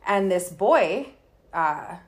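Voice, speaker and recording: A woman's voice: on the low side, lively intonation, very slow. A woman from Canada, a guest telling personal stories in a candid, chatty way, full of likes and ums. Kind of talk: casual storytelling conversation.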